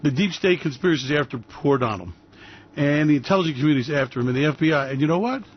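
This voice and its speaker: Male radio host, brash mocking ranter, slightly higher voice, dull lo-fi sound. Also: racing, husky. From New York. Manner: brash, mocking, loud bursts and laughter. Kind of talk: ranting commentary.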